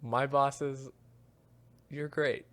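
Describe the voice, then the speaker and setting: A young man co-hosting a casual podcast, telling stories from his retail job. He acts out the customers and himself in quick back-and-forth. His voice sits at an ordinary middle pitch. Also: level tone, a bit bright. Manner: storytelling, acts out both sides of conversations. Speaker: podcast co-host. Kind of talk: casual chat.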